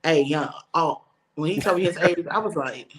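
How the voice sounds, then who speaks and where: A woman in her forties, a comedian telling animated, bawdy stories and laughing often in a casual interview. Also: low voice, moderate pace, a little hiss or hum. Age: 40s. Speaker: comedian guest.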